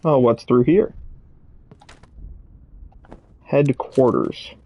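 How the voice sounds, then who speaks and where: A man's voice: mid-range voice, huge pitch swings, slow pace, vocal fry, breathy edge, no room sound, dull audio. A man streaming a video game, reading items aloud and muttering to himself as he explores. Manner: muttering item names to himself while exploring. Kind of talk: casual gameplay commentary.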